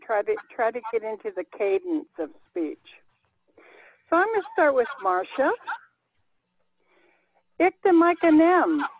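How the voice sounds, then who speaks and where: A woman's voice: fairly high pitch, no room sound. A woman leading a group language class over a video call, explaining patiently and step by step. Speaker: language teacher. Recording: dry, phone-like video call audio.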